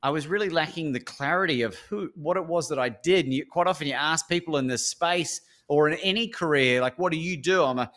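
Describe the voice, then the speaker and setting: Animated Australian man telling stories. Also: a little high, brisk, few pauses. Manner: animated storyteller acting out phone calls. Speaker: speaker and coach, podcast guest. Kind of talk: storytelling interview talk.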